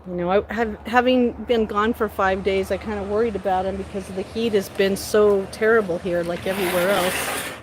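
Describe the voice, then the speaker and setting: A woman's voice: medium pitch, fairly even intonation, moderate pace, slight background noise. A woman livestreaming casual chat from her home garden, talking to her plants by name and filming on a handheld phone. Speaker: livestream host.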